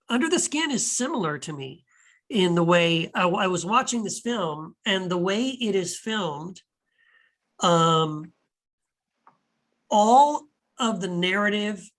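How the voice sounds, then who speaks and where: A man's voice: high voice, a bit bright. An enthusiastic man hosting a casual podcast chat about films. He rambles, restarts his sentences and voices puzzled rhetorical questions with plenty of animation. His talk is loose and unscripted. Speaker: podcast host and author.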